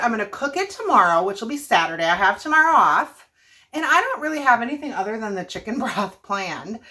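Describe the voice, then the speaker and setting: A woman's voice: fairly high pitch, sharp tone. An older woman, chatting casually and rambling as she cooks in her home kitchen. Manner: chatty, rambling, frequent self-corrections and laughs. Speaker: homestead cooking vlogger. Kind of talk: casual cook-along chat to camera.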